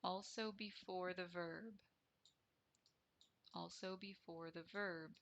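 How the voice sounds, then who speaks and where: A woman English teacher explaining a grammar lesson deliberately, repeating each key term. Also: on the low side, fairly even intonation, vocal fry, fairly bright tone, muffled recording.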